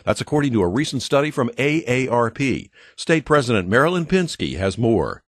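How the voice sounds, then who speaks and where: A man reading a news item as the anchor in a crisp, even delivery. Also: mid-range voice, a little fast, dry recording, clean studio sound.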